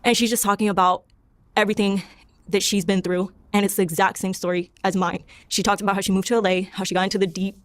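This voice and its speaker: A young woman from Panama tells her testimony as a podcast guest. She talks fast and rambles, stacking "like" and quoting her own past thoughts. Her voice sits at an average pitch, recorded dry and close. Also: flat delivery, dry recording. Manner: rambling, heavy use of "like", self-quoting. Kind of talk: personal testimony storytelling.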